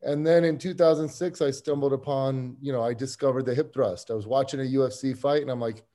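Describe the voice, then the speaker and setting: A man's voice: medium pitch, fairly even intonation, fairly quick, mellow. A man, a strength coach and podcast guest, recounting his career in an easygoing, rambling way, chuckling often. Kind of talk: casual interview storytelling.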